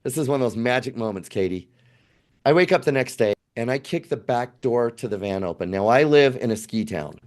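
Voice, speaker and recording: Lively middle-aged man telling a story. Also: mid-range voice, a little fast. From United States. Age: 50s. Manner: animated storyteller acting out quoted dialogue. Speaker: podcast guest. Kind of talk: casual storytelling.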